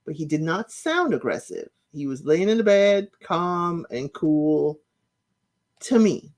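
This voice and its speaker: A woman's voice: low voice, sing-song, slow pace, darkish tone. A woman hosting her own channel, chatting casually as she recaps reality show episodes and retells the scenes in her own words.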